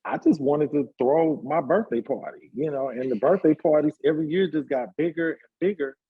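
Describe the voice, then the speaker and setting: A man in his fifties, a hairstylist and party promoter, telling his life story in a relaxed interview with lots of fillers. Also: on the high side, brisk, slightly rough, phone-quality sound. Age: 50s. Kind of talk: casual conversational interview.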